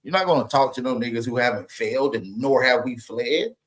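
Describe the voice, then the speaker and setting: Forceful male co-host, mid-pitched, addresses the chat. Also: expressive, brisk. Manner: forceful, shouts out to viewers. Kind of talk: casual chat.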